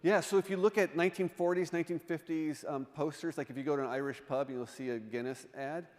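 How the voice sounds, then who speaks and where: A man with a somewhat high voice gives a lighthearted, jokey presentation, tossing questions to the crowd. His voice rings out with a long, lingering echo, as heard in a church sanctuary. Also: steady tone, fast talker, a little mellow. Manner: playful, jokey, quizzes the audience. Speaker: artist in residence giving a presentation. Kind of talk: humorous illustrated talk to a congregation.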